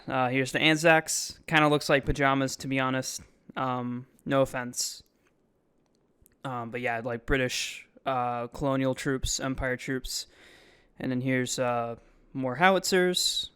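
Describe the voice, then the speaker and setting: A man's voice: mid-range voice, fairly bright tone, clean tone. A man giving casual, rambling voice-over commentary on his own video, full of ums and likes. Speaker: vlogger. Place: voice-over, not recorded in the museum.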